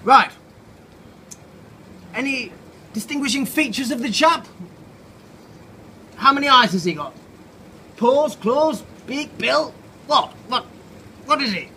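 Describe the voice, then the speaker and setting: A man voicing a barking military male ant sergeant, drilling and questioning briskly, recorded outside a pub. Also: very high voice, expressive, voice pushed up, heavily acted, poor audio. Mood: officious. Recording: loud outdoor background noise. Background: pub chatter and clinking dishes.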